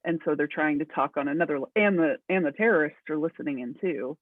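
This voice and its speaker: A man, a pastor, talking casually on a podcast in a thoughtful, measured, hedging way. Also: fairly high pitch, dry recording. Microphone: video call. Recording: dry, tinny call audio.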